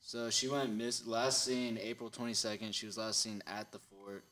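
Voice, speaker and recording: A man's voice: lowish voice, level tone, moderate pace, pushed and bright. A man co-hosting a podcast, hesitant and full of fillers in casual chat.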